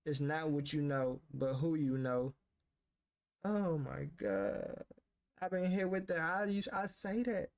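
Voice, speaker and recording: A man with a slightly high voice reads a self-help book aloud at a slow pace, casually. Between passages he riffs on the text and talks back to it in slangy commentary.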